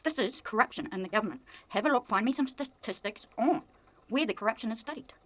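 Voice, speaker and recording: A woman with a New Zealand accent speaking in an impassioned, accusatory monologue to camera. She swings from low muttering to loud, heated outbursts. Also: expressive, fast. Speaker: vlogger.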